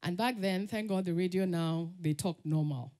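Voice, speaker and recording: A woman's voice: on the low side, moderate pace, dark tone. A woman with a Nigerian accent giving a conference talk, telling personal stories, laughing often and acting out the voices she quotes. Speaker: conference speaker. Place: summit stage.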